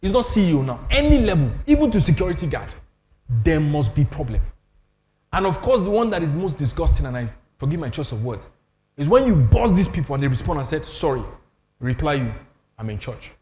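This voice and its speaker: A man's voice: a little high, very animated, quick pace, darkish tone, in a large hall, a little hiss or hum. An older Nigerian man hosting a panel on faith, telling stories with emphasis and self-deprecating humor. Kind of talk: animated panel talk on church.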